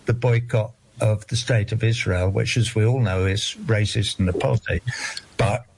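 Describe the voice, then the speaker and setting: A man's voice: fairly low pitch, fairly even intonation, moderate pace, vocal fry, darkish tone, slightly rough. An older man, talking in a rambling, digressive, indignant way during a casual discussion.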